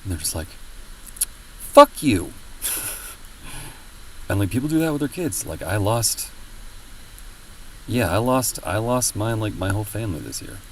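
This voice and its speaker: A man's voice: on the low side, animated, fairly quick, recorded from a distance, slight background noise, poor audio. A man streaming and chatting casually with viewers, rambling with many fillers and a lot of swearing. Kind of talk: casual chat with viewers while gaming.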